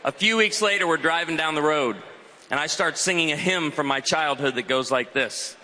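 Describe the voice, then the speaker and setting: Animated, bright-voiced man preaching with humor. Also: fairly high pitch, moderate pace. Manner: animated, emphatic, joking. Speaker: guest speaker. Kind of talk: humorous sermon to a live audience. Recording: reverberant hall, faint ambience.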